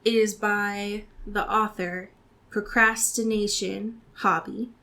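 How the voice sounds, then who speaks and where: A woman's voice: medium pitch, steady tone, slow, crowd noise. A woman from the Pacific Northwest co-hosting a podcast, reading fan fiction aloud with dry comic timing and laughing often. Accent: Pacific Northwest American. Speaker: podcast co-host.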